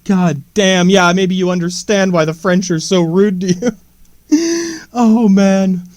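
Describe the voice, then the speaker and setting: A man's voice: sits high, fairly even intonation, measured pace, a little mellow, no room sound. A man hosting a podcast, ranting sarcastically and rambling with heavy swearing. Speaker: podcast host. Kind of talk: casual profane rant.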